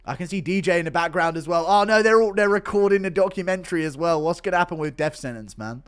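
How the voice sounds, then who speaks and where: A male streamer giving loud, profane play-by-play while he reacts to a fight and reads chat. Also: sits high, quick pace, smooth. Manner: excitable, profane, loud bursts. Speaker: streamer host.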